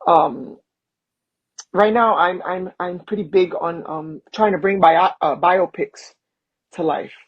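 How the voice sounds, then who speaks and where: A man being interviewed as a guest, a film producer telling animated personal stories and acting out what people said. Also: sits high, takes it slowly, no echo, lo-fi sound. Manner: animated storyteller who acts out quotes. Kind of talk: casual interview storytelling.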